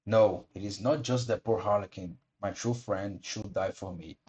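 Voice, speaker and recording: A man's voice: lowish voice, fairly even intonation, moderate pace, a little mellow, natural voice. An earnest young wooden puppet boy, voiced by a man reading aloud, pleading in a slightly raised voice. His tone is sincere and humble. This is a storybook reading. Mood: heroic.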